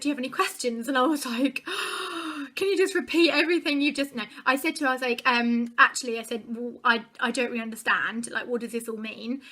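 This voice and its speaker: A woman's voice: a little high, pushed and bright. A young woman vlogger chattily retelling a personal story to camera, acting out the dialogue.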